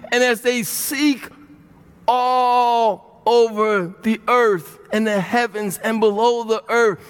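A man preaching in a church sanctuary with a high voice and an unhurried delivery. He is impassioned, dropping to near-silence and then rising to loud outbursts, and he repeats phrases for emphasis. The sound carries the long reverb of a large hall. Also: fairly even intonation, clean tone. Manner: impassioned, swinging from quiet to loud with heavy repetition. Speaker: pastor. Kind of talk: sermon.

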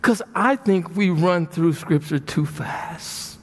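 A male pastor preaching an impassioned sermon, swinging from quiet to loud and repeating phrases for emphasis. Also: fairly high pitch, takes it slowly, a little hiss or hum. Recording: long reverb of a large hall.

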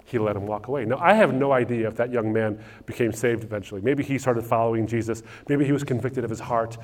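A male pastor answering audience questions in a sermon, telling lively stories with frequent restarts. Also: medium pitch, quick pace. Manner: animated storytelling with frequent restarts.

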